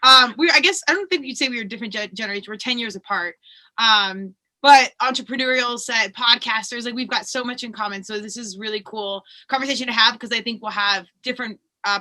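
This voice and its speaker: A woman podcast host with a bright, forward voice that sits a little high. She talks in a bubbly, animated way, laughs easily, and keeps a casual conversation moving. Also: fast talker. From Colorado, USA.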